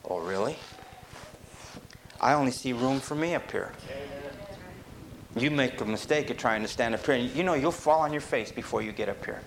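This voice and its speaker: A man preaching a sermon, rising to emphatic peaks and dropping low, with sudden shifts in pace. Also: moderate pace, pauses often. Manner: animated, rises to emphatic peaks and drops low.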